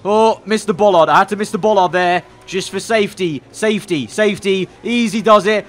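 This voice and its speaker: A man commentating his own racing game run, excitable and breaking into loud exclamations when things go wrong. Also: high voice, a little fast, hardly any pauses. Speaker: gaming YouTuber.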